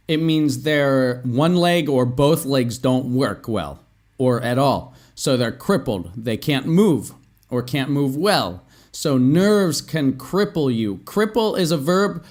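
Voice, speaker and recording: A man teaching English vocabulary, explaining phrases slowly and repeating them for learners. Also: on the high side. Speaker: English teacher and podcast host.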